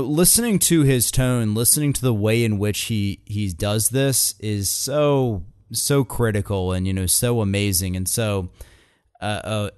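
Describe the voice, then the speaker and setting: A man commenting on a speech clip in a measured, explanatory way, with frequent fillers and repeated words. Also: fairly low pitch, darkish tone, clean tone, no echo, clean studio sound.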